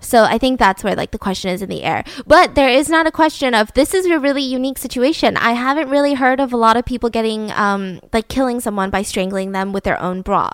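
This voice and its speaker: A woman's voice: fairly high pitch, fast talker, hardly any pauses, clear, resonant tone, dry recording. A young woman hosting a podcast, telling a true-crime story in a casual, chatty way with a lot of fillers. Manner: chatty, heavy use of "like". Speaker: podcast host.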